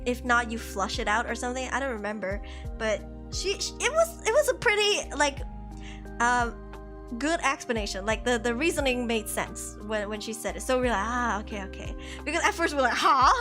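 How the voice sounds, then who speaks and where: A young woman streamer in her twenties chatting casually into a headset, slangy, laughing often. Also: a little high. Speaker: VTuber streamer. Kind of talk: casual chat.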